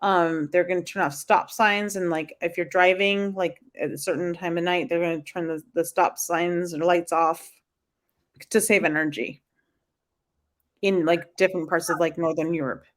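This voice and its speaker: An American woman co-hosting a podcast, chatting excitedly and filling her talk with "like" and "um". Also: on the low side, normal speed. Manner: excitable, lots of "like" and "um". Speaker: podcast co-host. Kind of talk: casual chat.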